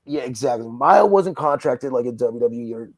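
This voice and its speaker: A man's voice: medium pitch, lively intonation, moderate pace. A man from Southern California rants with heat and plenty of swearing, speaking in a mid-range voice. The sound is close and dry, with no room echo at all. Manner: profane, heated ranting. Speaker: wrestling promoter. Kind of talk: casual interview.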